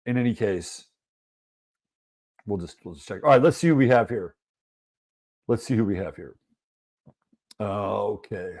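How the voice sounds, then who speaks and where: A man's voice: medium pitch, expressive, unhurried, long pauses, darkish tone. A man hosting a casual livestream, chatting loosely and greeting viewers in the chat one by one. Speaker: livestream host.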